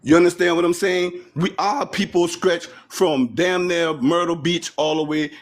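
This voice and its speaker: Male caller, Geechee Lowcountry accent, blunt and profane, rambling, voice sits a bit high. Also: fairly even intonation, moderate pace. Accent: Geechee, South Carolina Lowcountry. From Charleston, South Carolina. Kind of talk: heated livestream call-in.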